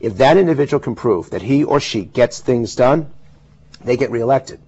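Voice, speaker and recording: A man with a husky voice giving emphatic, explanatory answers as a guest in a televised interview. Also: medium pitch, expressive, normal speed, a little mellow. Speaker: political pollster guest. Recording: dull lo-fi television audio.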